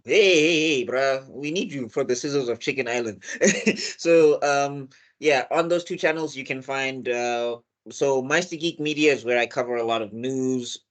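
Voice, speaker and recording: A man's voice: medium pitch, normal speed. A man from South Africa with a South African accent, hosting a casual podcast chat, joking and talking in loose sentences full of fillers. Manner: chatty, joking, many fillers. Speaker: podcast host.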